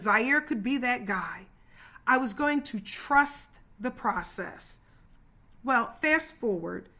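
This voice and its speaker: Slow-talking, high-voiced woman podcast host. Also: fairly bright tone. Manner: chatty, addresses listeners as y'all. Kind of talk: scripted podcast narration.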